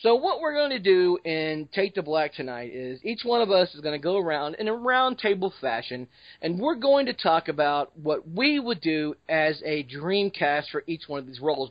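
Man, podcast host, joking and informal, slightly high voice, very dry sound, dull lo-fi audio. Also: no echo. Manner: joking, informal, leads the discussion. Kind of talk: casual podcast chat.

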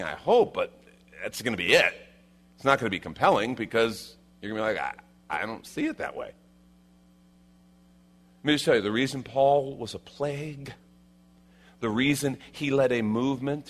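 A male pastor preaching a sermon, emphatic and repeating his key lines, swinging from loud declarations to hushed asides. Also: medium pitch.

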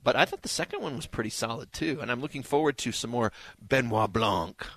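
A man's voice: medium pitch, animated, brisk, a bit bright, husky, dry recording. A man hosting a radio movie show in casual chat, reading listener texts aloud in an upbeat way.

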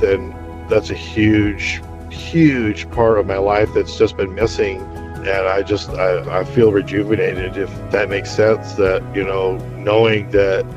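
A man giving an emotional testimonial in a halting way, close to tears. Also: fairly low pitch, dull audio. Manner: halting, with many restarts. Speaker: program participant giving a testimonial. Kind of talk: interview testimonial.

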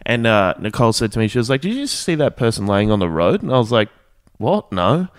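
A man's voice: lowish voice, fast, smooth. A young man on a podcast, telling a rambling story full of swearing and acted-out quotes. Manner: rambling, heavy swearing, animated quoting. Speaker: podcast co-host. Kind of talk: casual storytelling chat.

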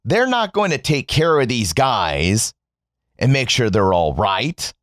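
A man delivers a biting political rant, swearing freely and mocking as he goes. His pitch swings widely from low grumbles to high jabs. The recording is dry and close, with no room sound. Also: sing-song, takes it slowly, a bit bright, no echo. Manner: mocking, sarcastic, emphatic swings in tone. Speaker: commentator.

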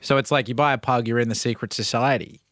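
A man's voice: mid-range voice, steady tone, a bit bright, dry recording, studio quality. A man co-hosting a comedy podcast, teasing and joking in casual chat and laughing often. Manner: quick, teasing, laughs a lot. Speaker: podcast co-host.

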